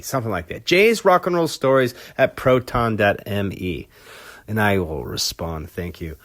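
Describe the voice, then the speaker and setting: A man's voice: lowish voice, sing-song, takes it slowly. A man hosting his own podcast, telling rock concert stories in a casual, profane way with lots of fillers. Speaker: podcast host. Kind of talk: casual storytelling.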